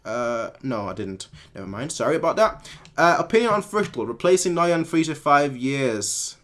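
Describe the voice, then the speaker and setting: A man from Munich hosts a live stream and answers viewer comments as they come in. He rambles, stumbles over words and corrects himself mid-sentence. His voice sits at an ordinary middle pitch. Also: very animated, moderate pace, fairly bright tone. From Munich, Germany. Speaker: fan channel host.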